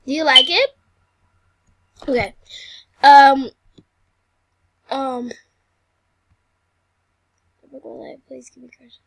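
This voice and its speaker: A woman's voice: high voice, takes it slowly, long pauses, fairly bright tone, dry recording. A woman chatting through a game role-play, often dropping into whispered asides.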